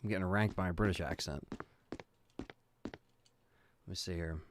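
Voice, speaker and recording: A deep-voiced game streamer chats casually with viewers while playing, reading their comments aloud at a normal speed. The stream is noisy, with mouse clicks audible.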